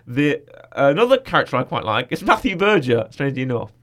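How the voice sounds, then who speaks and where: A man's voice: medium pitch, very animated, fairly quick, a bit bright. A man from the United Kingdom hosting a casual film chat and eagerly recounting scenes from the film. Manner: chatty, recounts scenes with quotes. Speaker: film podcast host.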